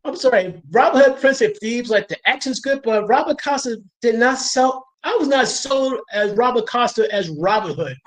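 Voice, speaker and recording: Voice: mid-range voice, moderate pace, few pauses, low-quality recording. New york accent, livestream host, casual chat, rambling, laughs often.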